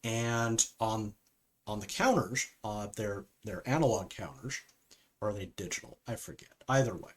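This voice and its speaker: A man's voice: lowish voice, lively intonation, moderate pace. A man giving a casual spoken film review, rambling with frequent fillers and "okay?" asides.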